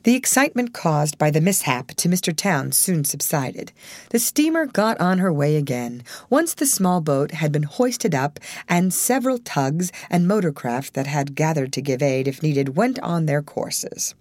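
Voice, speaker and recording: A woman narrating an audiobook in a measured storytelling manner. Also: sits low, very animated, a little mellow, dry recording.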